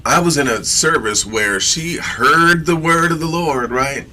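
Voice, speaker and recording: A man's voice: fairly high pitch, a little slow, bright, forceful tone, slight background noise. A man teaching from scripture in a casual sermon, reading verses aloud and breaking in with slangy, emphatic asides and repeated phrases.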